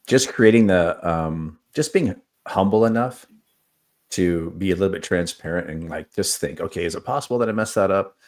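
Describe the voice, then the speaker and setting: A man's voice: low-pitched, moderate pace, a little mellow. A man who is an assistant wrestling coach, talking casually in an interview and telling stories full of fillers and acted-out quotes. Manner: storytelling, acts out quoted exchanges, many fillers.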